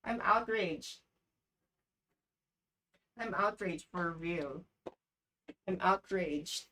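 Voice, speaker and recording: A woman streaming live and chatting casually with her viewers. She rambles from one thought to the next and breaks into exclamations. Her voice sits low and she takes her time. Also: drawn-out words, bright, forceful tone.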